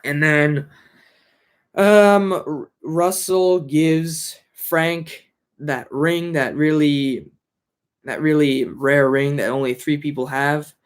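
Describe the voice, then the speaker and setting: A man with a somewhat high voice talks through a film in a loose, casual way. He rambles, restarts his sentences and fills the gaps with fillers. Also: fairly even intonation, slow, smooth. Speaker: film reviewer. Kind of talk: casual chat.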